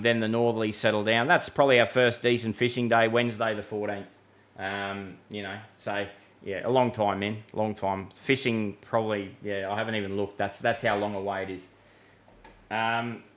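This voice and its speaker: A man's voice: on the low side, fairly bright tone. Laid-back Australian man, weather host. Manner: laid-back, chatty, calls people mate, many fillers. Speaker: weather forecaster hosting a live Q&A. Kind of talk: casual live-stream chat.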